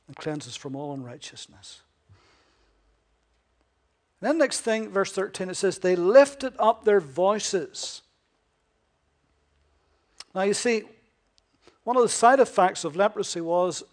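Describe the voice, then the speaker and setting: A man with a fairly high voice preaches a sermon emphatically, posing rhetorical questions and swinging between loud and hushed delivery.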